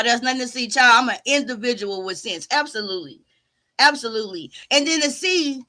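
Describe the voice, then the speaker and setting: A woman's voice: fairly high pitch, pushed and bright. A middle-aged woman doing casual live-stream commentary in a sassy, drawling way. She often repeats words and trails off mid-thought. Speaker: YouTube commentary host.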